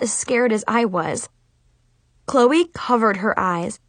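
Slow, lively woman narrating a storybook. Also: fairly high pitch, dry recording. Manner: lively, expressive, playful. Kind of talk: first-person storybook narration.

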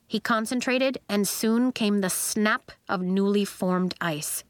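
A woman narrating a children's story in an expressive storytelling manner. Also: medium pitch, slow, few pauses, smooth, no echo. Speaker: audiobook narrator.

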